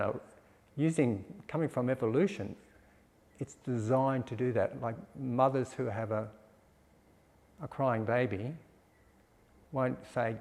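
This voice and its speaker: Man with a gravelly voice giving a dharma talk. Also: mid-range voice. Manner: gentle, explanatory, with soft laughs. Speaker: dharma teacher. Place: meditation centre hall. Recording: long hall reverb.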